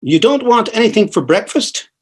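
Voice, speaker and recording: A man voicing a gentle middle-aged husband who talks baby talk to his cat and speaks softly to his wife, in a storybook reading. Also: high-pitched, sing-song, normal speed, husky, pitched above the performer's own voice, full character voice. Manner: fond, playful baby talk to a pet.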